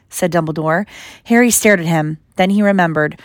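A woman narrating a storybook aloud in an expressive storytelling manner. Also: on the low side, normal speed, no echo, clean studio sound. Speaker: reader. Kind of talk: audiobook narration.

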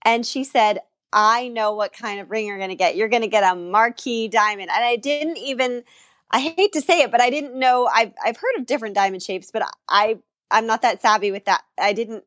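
A young woman with a fairly high voice talks casually and laughs easily, then prays in an earnest, reflective way. The sound is dry and close, with no room around it. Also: moderate pace, a bit bright, no room sound. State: newly engaged. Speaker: co-host leading prayer. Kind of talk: casual chat and spoken prayer.

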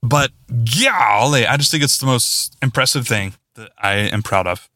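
A man hosting his podcast alone, rambling and excitable, poking fun at himself as he signs off. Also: mid-range voice, moderate pace, no room sound, clean studio sound. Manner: rambling, excitable, self-mocking. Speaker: podcast host. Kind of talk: casual solo podcast sign-off.

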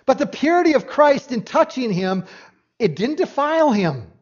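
High-pitched guy preaching, loud then hushed, muffled lo-fi sound. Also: expressive, a little slow. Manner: earnest preaching, swings from loud emphasis to hushed tones; restarts with doubled words. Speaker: pastor. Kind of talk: sermon. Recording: dull lo-fi recording.

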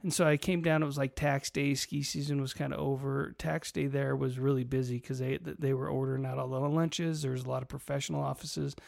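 A man's voice: mid-range voice, brisk, gravelly, few pauses. A middle-aged man co-hosting a casual chat, telling stories and acting out what people said. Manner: animated storyteller, acts out quoted voices. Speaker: podcast co-host.

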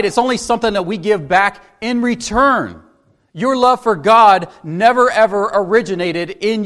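A man preaching a sermon, earnest and emphatic, slowing down to stress scripture verses and adding teaching asides. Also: sits high, fairly bright tone. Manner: teaching, with frequent "right?" asides.

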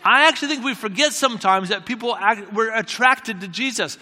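A man delivers a sermon in story form, his voice on the higher side and ringing bright. He talks conversationally, pokes fun at himself, and circles back to repeat his key phrases. The sound carries the long reverb of a large hall. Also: brisk. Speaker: preacher.

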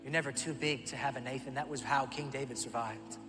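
A male pastor preaching a sermon, telling the story in an animated way and acting out voices. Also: medium pitch, brisk, in a large hall, over music. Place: church auditorium.

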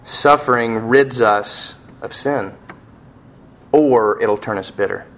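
A man preaching a sermon as a pastor, telling a personal story with passion and swinging between hushed and near-shouting delivery. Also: medium pitch, slow.

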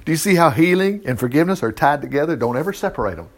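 A man's voice: on the high side, expressive, racing, slight background noise. A man giving a casual, folksy Bible teaching, chuckling and acting out the people in the story as he reads. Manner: folksy, chuckling, acts out quoted voices. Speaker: preacher.

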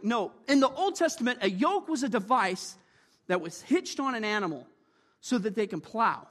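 Man, preacher, sermon, very high voice, lively, jokey, asks for amens, church hall reverb. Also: normal speed. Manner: lively, joking, calls for amens.

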